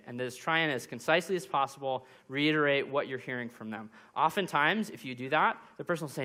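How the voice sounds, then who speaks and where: A man's voice: mid-range voice, quick pace, hardly any pauses, pushed and bright. A young man giving a sermon as pastor, walking through numbered points and acting out little example quotes. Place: church.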